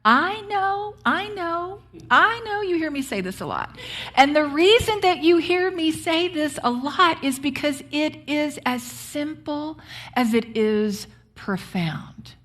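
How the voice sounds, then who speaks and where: A woman's voice: high-pitched, expressive, takes it slowly, fairly bright tone. A woman pastor giving a conversational sermon, often checking in with her congregation. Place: church sanctuary.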